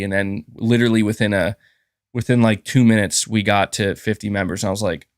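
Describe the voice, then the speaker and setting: A man's voice: lowish voice, fairly even intonation, brisk, no echo, studio quality. A man hosting a casual gaming livestream, rambling and thanking viewers, with a sore throat. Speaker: gaming channel host.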